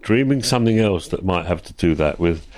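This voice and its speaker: A man's voice: low-pitched, expressive, a little fast, darkish tone. An older man chatting as a podcast guest, telling anecdotes and ranting with mock outrage. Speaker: guest, host's father. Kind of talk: casual chat, anecdotes. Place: workplace full of vintage cars.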